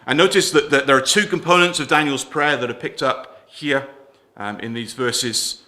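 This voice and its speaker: A male preacher delivering a sermon in a church. His voice is bright and forceful, at a middle pitch for a man. He speaks earnestly, poses questions to his listeners, and often lets his phrases trail off more quietly. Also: normal speed. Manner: earnest, asks the congregation questions, drops softer at line ends.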